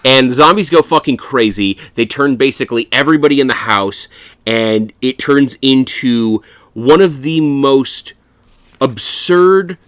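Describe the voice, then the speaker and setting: A man's voice: mid-range voice, expressive, unhurried, fairly bright tone, dry recording. A man co-hosting a casual film review podcast, swearing freely and laughing as he recaps scenes. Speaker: podcast co-host.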